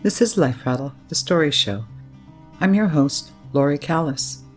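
A woman hosting a radio story program, reading a scripted introduction in a measured, formal announcing manner. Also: low voice, animated, soft background music. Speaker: radio story show host.

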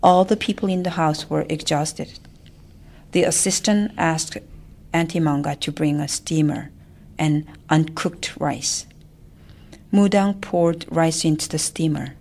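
A woman narrating a family memoir in a soft, often whispered voice. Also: sits low, measured pace, creaky. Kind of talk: memoir storytelling.

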